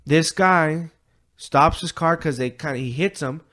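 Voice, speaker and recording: A man's voice: on the high side, unhurried, fairly bright tone. Profane, rambling man retelling a story. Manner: acts out quoted voices. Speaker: podcast co-host. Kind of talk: casual chat, retelling a story.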